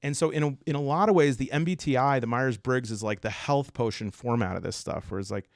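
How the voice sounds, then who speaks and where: A man hosting a casual podcast, explaining ideas in an animated, digressive way with jokey asides. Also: mid-range voice, normal speed, dry recording, clean studio sound. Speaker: podcast host.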